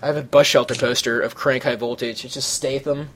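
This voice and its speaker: A man's voice: mid-range voice, steady tone, a little fast, fairly bright tone. Rambling, foul-mouthed male podcast host. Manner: rambling, profane, jumps between tangents. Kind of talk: casual podcast chat.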